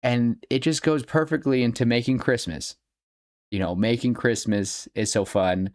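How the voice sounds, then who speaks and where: A man's voice: medium pitch, steady tone, moderate pace, no echo, clean studio sound. A young man hosting a podcast, rambling happily about a favourite film and laughing as he goes. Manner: gushing, rambling fan talk with laughs. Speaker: podcast host. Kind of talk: casual solo podcast commentary.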